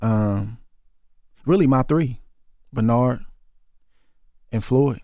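A man's voice: mid-range voice, very slow, mellow, no echo. A man in his forties with an Oakland accent, a former boxer speaking as a guest in a radio studio interview, earnest and often repeating words as he builds his point. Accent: Oakland, Bay Area. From Oakland, California. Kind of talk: casual interview conversation. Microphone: studio microphone.

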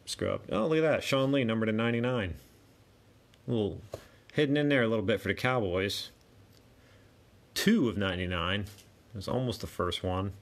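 Male host, lowish voice, reads out cards in quick casual commentary over faint background noise. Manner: rattles off card names, chatty asides to himself. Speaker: card break host. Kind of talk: casual card-opening commentary.

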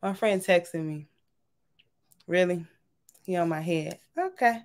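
A woman's voice: lowish voice, slow. A woman, casually chatting and signing off from a livestream, talking affectionately to her viewers. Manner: warm, chatty, says y'all often. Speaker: livestream host. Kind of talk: casual livestream sign-off chat.

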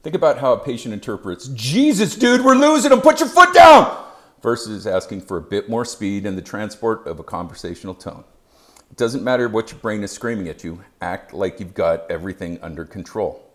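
Low-voiced man narrating an EMS lesson. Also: fairly quick. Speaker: EMS educator. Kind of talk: scripted narration.

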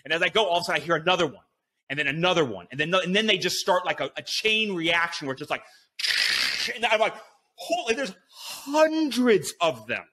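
A man guest on a podcast, telling an animated story full of swearing and fillers, acting out his own inner voice. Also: a little high, fast. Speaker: podcast guest, BASE jumper.

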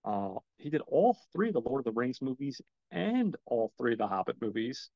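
A man's voice: mid-range voice, big pitch swings, normal speed, darkish tone, no room sound, highs cut off. A man hosting a casual film podcast alone, rambling with many ums and swearing when his gear acts up. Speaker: podcast host reviewing films. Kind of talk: casual solo film talk.

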